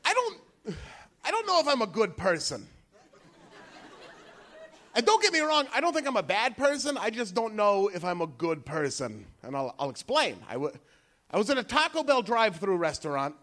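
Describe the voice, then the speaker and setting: A man in his thirties doing a stand-up comedy set on stage, talking casually and building up into shouted rants. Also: high-pitched, very animated, moderate pace. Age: 30s. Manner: conversational, rising into shouted rants. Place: comedy club stage before a laughing audience.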